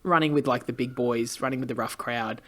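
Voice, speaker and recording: A woman's voice: extremely low pitch, fairly quick, a bit bright. A middle-aged woman with an Australian accent, a comedian chatting on a podcast, telling stories with plenty of swearing and acted-out quotes. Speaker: comedian guest. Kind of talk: casual podcast chat.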